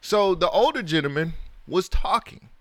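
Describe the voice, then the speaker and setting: A man's voice: high voice, lively intonation, normal speed. A young man, chatting casually and profanely as a podcast co-host, telling stories and laughing often. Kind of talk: casual chat.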